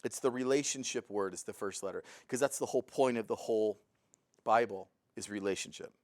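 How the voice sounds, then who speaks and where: A man's voice: lowish voice, brisk, dry recording, clean studio sound. Earnest man teaching Bible verses. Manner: earnest, preacherly, rises to excited fervor.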